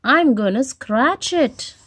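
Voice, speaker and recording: A woman voicing an itchy storybook dinosaur who pleads in a whiny, high voice. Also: expressive, slow, a bit bright, slightly rough, full character voice. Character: itchy fidgety young dinosaur.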